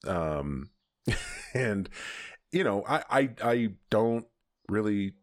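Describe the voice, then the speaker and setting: A man with a very low voice tells a candid story on a podcast, letting his pitch rise and fall freely. His delivery is casual and conversational, and he laughs easily as he goes. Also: wildly swooping pitch, very slow. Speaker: podcast host.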